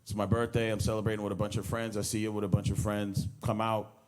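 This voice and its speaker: A man's voice: fairly low pitch, level tone, fast. A man, a comedian, speaking informally at a memorial service, rambling through stories, acting out quoted lines and laughing as he talks. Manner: rambling storyteller who acts out quoted lines and laughs as he goes. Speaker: comedian giving a eulogy. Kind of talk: informal anecdotal speech at a memorial.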